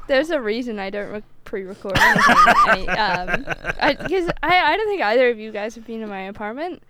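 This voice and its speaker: Female co-host, higher voice with lively pitch, faint room noise. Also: fairly quick. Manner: rambling with restarts and fillers. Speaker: podcast co-host. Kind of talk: casual chat.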